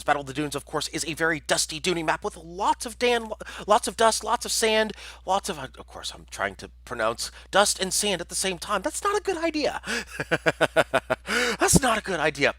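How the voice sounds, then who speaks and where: A man's voice: on the high side, sharp tone, no room sound. A man casting a community game tournament on a livestream, chatty and jokey, reading out chat messages. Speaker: tournament caster.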